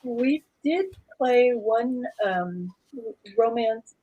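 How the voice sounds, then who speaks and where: A woman's voice: fairly high pitch, expressive, very slow, warm tone, muffled recording. A woman, a guest game author, casually and playfully telling a game story and finishing her partner's sentences. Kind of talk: casual chat.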